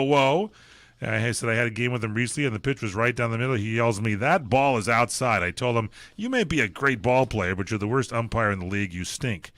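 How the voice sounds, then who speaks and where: A man's voice: lowish voice, fairly bright tone, no room sound, clean studio sound. An older man co-hosting a casual sports radio show, telling stories loosely with lots of fillers. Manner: rambling, filler-heavy storytelling.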